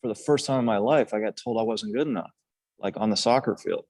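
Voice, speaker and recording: Older man telling a story, low and dry. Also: fast, a little mellow, dry recording. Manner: rambling, frequent restarts and fillers, earnest. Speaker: podcast guest, former national team player. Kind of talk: casual storytelling interview.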